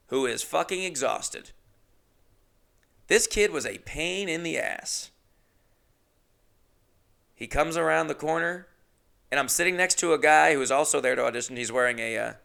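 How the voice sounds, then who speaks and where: Gravelly, brash male comic storyteller. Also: mid-range voice, a bit bright. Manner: crude, brash, profane anecdote telling. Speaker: comedian and podcast host. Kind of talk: comedic storytelling.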